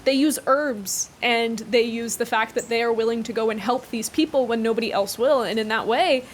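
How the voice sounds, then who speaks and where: A woman's voice: fairly high pitch, moderate pace, a little hiss or hum. Chatty woman reading aloud. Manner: chatty, enthusiastic asides. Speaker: book vlogger. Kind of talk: reading aloud with casual commentary.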